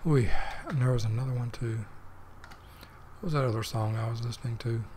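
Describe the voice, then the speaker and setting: A man's voice: mid-range voice, moderate pace, a little mellow, a little hiss or hum. A man hosting a let's play, chatting casually to himself as he plays and drifting between the game and personal tangents. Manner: rambling, talks to himself while playing. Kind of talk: casual gameplay commentary.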